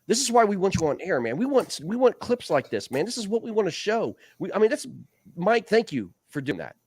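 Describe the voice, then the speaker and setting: A man's voice: high voice, sing-song, a little fast, darkish tone, slightly rough. Rambling male league show host. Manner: rambling, repeats "man" and "dude". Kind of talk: casual league recap talk.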